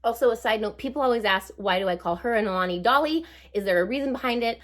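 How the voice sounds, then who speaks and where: A woman's voice: a little high, fast, fairly bright tone. A woman in her forties chatting through a life update while putting on her makeup, bubbly and rambling with lots of asides. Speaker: beauty vlogger.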